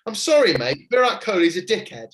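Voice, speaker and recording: A man hosting a podcast, telling stories in an excitable, jokey way. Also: high-pitched, brisk. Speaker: podcast host. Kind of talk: casual chat.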